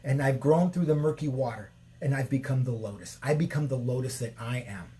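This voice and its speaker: A man's voice: mid-range voice, fairly quick, dark tone. A man, a shamanic healer, giving an unscripted spiritual talk to his viewers in repetitive, chant-like phrases and sometimes blunt, profane words. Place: Sedona, Arizona.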